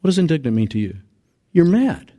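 Animated male pastor preaching. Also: a little fast. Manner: animated, acts out quoted voices with big pitch jumps. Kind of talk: sermon. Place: church sanctuary.

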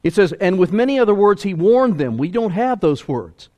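Animated high-voiced man preaching. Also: normal speed. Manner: animated preaching, swings between loud and hushed. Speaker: pastor. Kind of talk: sermon.

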